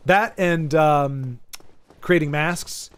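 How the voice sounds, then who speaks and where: A man's voice: on the high side, very slow, a bit bright, smooth. A man hosting a gaming video, chatting casually while he plays and thinking aloud through long, rambling asides. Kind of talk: casual chat while playing a game.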